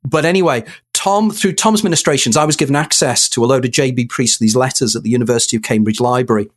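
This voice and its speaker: A man's voice: medium pitch, fast. A man, a guest in an interview, telling a story with animation and acting out quoted dialogue. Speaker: guest author.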